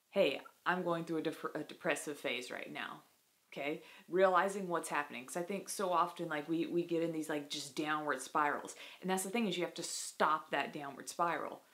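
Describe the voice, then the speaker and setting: A woman vlogger talking candidly to camera, halting, with many fillers and restarts. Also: low voice, a bit bright. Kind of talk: candid personal talk to camera.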